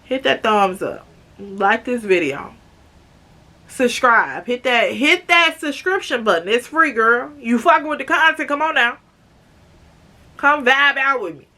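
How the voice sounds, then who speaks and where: A woman in her twenties from Chicago telling an animated, slangy storytime to her viewers. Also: fairly high pitch, a little slow. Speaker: vlogger. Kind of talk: storytime vlog.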